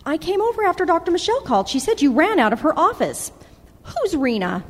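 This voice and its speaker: A woman's voice: very high voice, big pitch swings, brisk, big-room sound. A woman playing a worried mother who pleads firmly with her grown daughter. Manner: firm, pleading, pushy.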